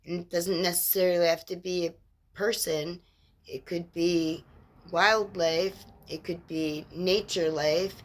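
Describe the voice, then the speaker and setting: A woman with a lowish voice gives a spiritual mentor's inspirational monologue. She talks very slowly and measuredly, stringing words into drawn-out lists. Her tone is gentle and reassuring. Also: a little hiss or hum.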